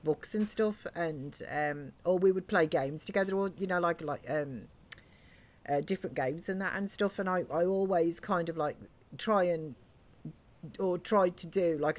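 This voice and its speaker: A woman chatting casually and softly on a gaming live stream, rambling with many fillers. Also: fairly low pitch.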